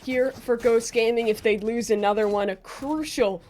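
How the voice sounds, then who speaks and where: A woman breaks down an esports match in a steady, measured, analytical way. Her voice sits somewhat high. A faint noise floor sits behind her. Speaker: esports color caster. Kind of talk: analytical game commentary.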